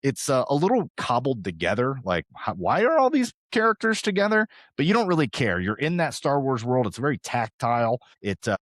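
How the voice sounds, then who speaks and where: A man in his thirties hosting a podcast, talking casually and fast, with an animated, rambling delivery. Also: mid-range voice, no room sound, clean studio sound. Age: 30s. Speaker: podcast host. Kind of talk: casual chat.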